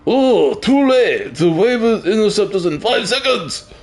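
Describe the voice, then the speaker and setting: A man putting on the voice of a panicky young male starship ensign, shouting high and strained. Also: huge pitch swings, slow, full character voice. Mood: panicked.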